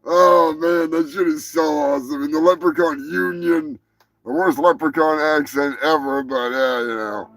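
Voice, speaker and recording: A man hosting a live stream, rambling and swearing casually while high. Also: moderate pace, creaky, fairly bright tone, no room sound, poor audio. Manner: rambling, profane, laid-back. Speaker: host.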